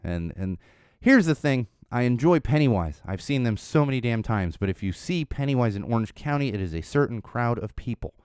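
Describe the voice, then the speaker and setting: A man's voice: mid-range voice, lively intonation, a little fast, a little mellow, clear, resonant tone, no room sound, studio quality. A man hosting a podcast, telling a long story in a casual, rambling way with lots of fillers and chuckles. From Southern California. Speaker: podcast host. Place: podcast studio. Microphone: studio mic.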